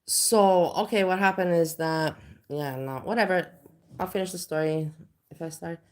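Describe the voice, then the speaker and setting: A woman's voice: fairly low pitch, moderate pace. A woman chatting on a livestream, rambling with many restarts and filler words. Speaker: livestream host. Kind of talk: casual livestream chat.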